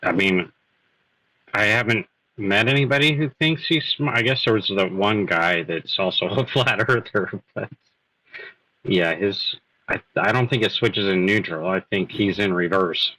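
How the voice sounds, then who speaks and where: A man's voice: lowish voice, measured pace, pushed and bright, no room sound, low-quality recording. A man calling into a live-stream chat from his workplace, making dry, wry remarks. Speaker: guest caller.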